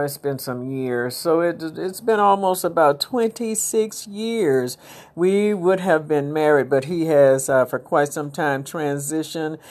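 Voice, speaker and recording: A woman's voice: low voice, a little mellow. A middle-aged woman hosting a podcast, talking in a rambling, casual, inspirational monologue with preachy asides. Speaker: podcast host.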